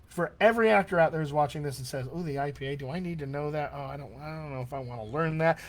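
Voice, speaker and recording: A middle-aged man teaching as a dialect coach in a live-streamed accent class, talking in an enthusiastic, conversational way with frequent asides. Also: on the high side.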